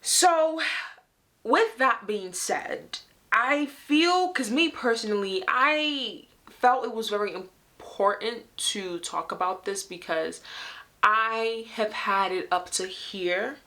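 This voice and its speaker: Young woman, show host, bright ringing voice, emphatic, fed-up, direct-to-camera commentary. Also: fairly high pitch, expressive, slow pace. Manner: emphatic, fed-up, addresses viewers directly with rhetorical questions. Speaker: host of her own video series.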